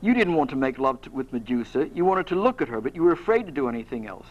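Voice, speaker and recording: A man reading aloud, voicing a sharp, mocking woman who questions a hero with scorn. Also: medium pitch, big pitch swings, fast talker, muffled recording, pitched below the performer's own voice. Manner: scornful, cutting.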